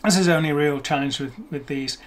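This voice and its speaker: A man's voice: on the high side, fairly even intonation, slight background noise. Chatty man explaining pronunciation. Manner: chatty, self-deprecating, demonstrates words slowly. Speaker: language video host. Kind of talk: casual explanatory talk on pronunciation.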